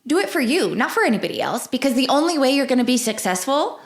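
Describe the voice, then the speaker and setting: A woman's voice: high voice, big pitch swings, quick pace. Supportive woman co-hosting a podcast. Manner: supportive, reins in her co-host. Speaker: podcast co-host. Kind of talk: casual chat.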